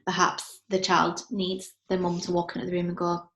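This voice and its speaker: A woman's voice: lowish voice, completely flat delivery, moderate pace, hardly any pauses, a bit bright. A woman, a parent coach, giving earnest commentary on show clips and acting out what a parent might say. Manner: earnest, acts out parent and child voices in quotes. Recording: echoey room.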